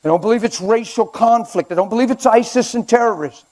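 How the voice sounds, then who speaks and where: An older man preaching a sermon in a church, conversational and animated with sudden loud outbursts. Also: high-pitched, quick pace.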